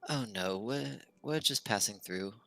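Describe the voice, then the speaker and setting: Gravelly bright-voiced man role-playing. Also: fairly low pitch, a little slow, no room sound. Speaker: player. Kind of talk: in-character tabletop role-play.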